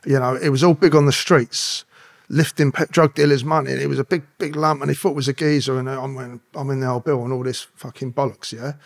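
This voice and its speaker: Middle-aged man, husky voice, swearing storyteller acting out dialogue. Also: medium pitch, steady tone, fast talker. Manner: swears constantly, acts out dialogue. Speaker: podcast guest, former police officer. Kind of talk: profane anecdotal storytelling.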